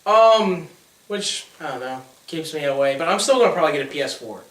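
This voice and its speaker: A man's voice: a little high, expressive, a little fast, a bit bright, distant mic. A young man co-hosting a casual gaming chat, rambling and hesitant with many fillers. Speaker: co-host. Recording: echoey room, away from the mic.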